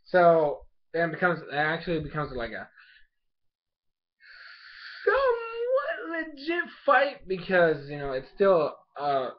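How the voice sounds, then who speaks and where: A man's voice: a little high, slow, pauses often. Rambling young-sounding man, lo-fi. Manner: rambling, filler-heavy, excitable with laughs. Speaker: anime episode reviewer. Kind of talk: casual spoken review. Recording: dull lo-fi sound.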